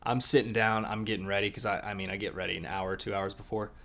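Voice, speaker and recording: A man's voice: on the low side, fast talker, gravelly. A young man co-hosting a podcast, recapping an anime episode in casual, jokey chat and punching up his emphasis. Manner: animated, swings loud on emphasis, jokey. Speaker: podcast co-host.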